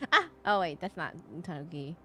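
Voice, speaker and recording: A woman's voice: fairly low pitch, very animated, unhurried, a bit bright, faint music behind. A woman game streamer giving live gameplay commentary, chatty, laughing and easily distracted.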